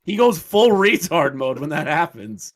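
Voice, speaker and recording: A man's voice: on the high side, very animated, unhurried. A man co-hosting a casual commentary podcast, blunt and derisive, swearing freely. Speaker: podcast co-host.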